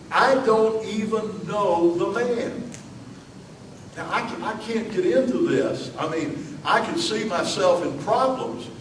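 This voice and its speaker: Folksy Southern pastor preaching from off-mic. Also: male voice, high-pitched, reverberant, recorded from a distance, slight background noise, poor audio. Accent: Southern US (Alabama). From Alabama, US. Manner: folksy, many fillers and asides. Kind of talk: sermon.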